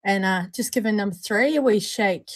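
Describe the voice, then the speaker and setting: A woman's voice: medium pitch, normal speed, no echo. A woman hosting a casual live vape review stream from home, chatty and laughing often. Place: at home, indoors at night.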